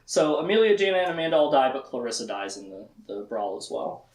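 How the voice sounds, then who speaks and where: A man casually recapping a book's plot in a lecture, laughing often and acting out the characters' lines in quick asides. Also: mid-range voice, big pitch swings, reverberant. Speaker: book discussion host.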